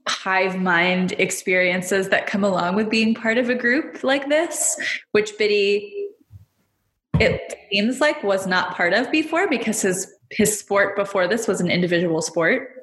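A woman's voice: mid-range voice, slow pace, fairly bright tone, roomy sound, a little hiss or hum. A woman co-hosting a podcast in casual chat, with a dry, wry humor. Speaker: podcast co-host.

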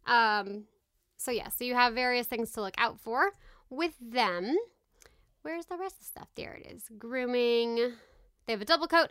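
A woman's voice: fairly high pitch, pushed and bright, no echo, studio quality. A woman co-hosting a casual podcast, reading notes aloud with chatty asides and laughs. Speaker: podcast co-host. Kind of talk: casual chat.

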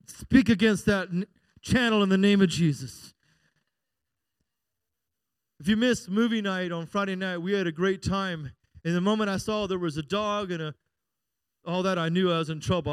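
High-voiced preacher man, dry and close. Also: clear, resonant tone, no room sound. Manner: preaching with call-and-response "Amen?" and swings between loud and quiet. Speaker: pastor. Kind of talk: sermon.

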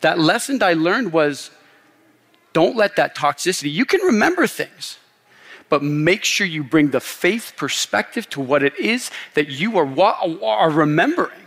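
Thirties male pastor, sermon, animated storyteller, somewhat high voice, long church reverb. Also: measured pace. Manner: storytelling, animated, laughs often. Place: church sanctuary.

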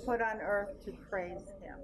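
A woman speaks up in a church Bible class, answering slowly and earnestly but a little unsure of herself. The voices of a group can be heard around her. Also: mid-range voice, steady tone, a loud crowd.

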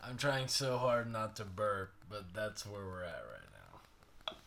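A man's voice: fairly low pitch, lively intonation, unhurried, creaky, fairly bright tone. A drunk man with the hiccups, chatting in a playful, boisterous way. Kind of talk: casual chat.

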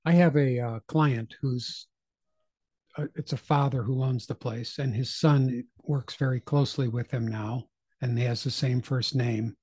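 A middle-aged man with a husky, slightly breathy voice talks in a loose, chatty way as a podcast co-host. He jokes about himself and keeps the conversation rolling. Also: medium pitch, fairly even intonation, a little slow, darkish tone. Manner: chatty, joking, self-deprecating. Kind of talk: casual chat.

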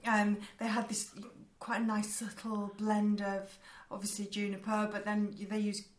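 A woman's voice: mid-range voice, monotone, a little slow. A woman co-hosting a chatty podcast, explaining history loosely with fillers and restarts. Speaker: podcast co-host. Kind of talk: casual chat.

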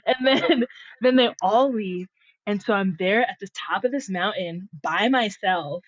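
A woman's voice: medium pitch, unhurried, dry recording, highs cut off. A young woman from Connecticut, a podcast guest telling a funny childhood story with lots of laughs and acted-out quotes. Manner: animated, laughs often, acts out her younger self. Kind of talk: casual storytelling chat.

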